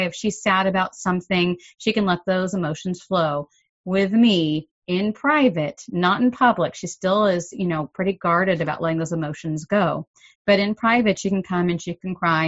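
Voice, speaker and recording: A middle-aged woman hosting a parenting podcast, explaining in an earnest, gently emphatic way. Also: on the low side, dry recording, lo-fi sound. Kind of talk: solo podcast talk.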